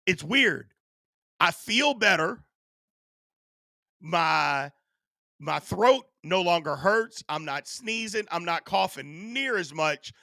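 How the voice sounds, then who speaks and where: A man hosting a live sports stream, chatting casually and answering his chat, his voice going hoarse. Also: high-pitched, slow, pauses often, no echo, clean studio sound. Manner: animated, reads and answers chat. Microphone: studio USB microphone.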